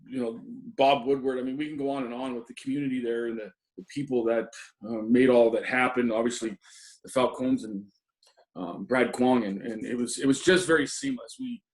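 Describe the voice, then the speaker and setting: A man's voice: mid-range voice, steady tone, fairly quick. A middle-aged man, a former assistant hockey coach, reminiscing in an interview with many ums and restarts. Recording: roomy echo.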